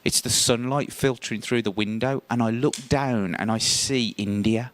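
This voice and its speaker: A man telling a first-person story on stage, lively and theatrical, his voice rising sharply when he acts out tense moments. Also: medium pitch, normal speed. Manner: animated, voice jumps up when acting out scenes.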